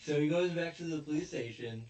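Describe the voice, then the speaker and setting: A man hosting a casual review chat, retelling the story in an animated way and laughing often. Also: fairly high pitch, brisk. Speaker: podcast host. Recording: echoey room, distant mic, faint noise.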